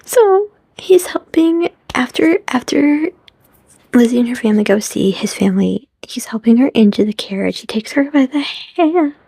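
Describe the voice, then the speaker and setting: A woman's voice: sits high, expressive, normal speed, vocal fry, warm tone, breathy edge, no room sound. A young woman vlogger recapping a favorite movie in a gushing, casual way, often dropping to a whisper and acting out the characters' lines. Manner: gushing, often drops into whispers, acts out quotes.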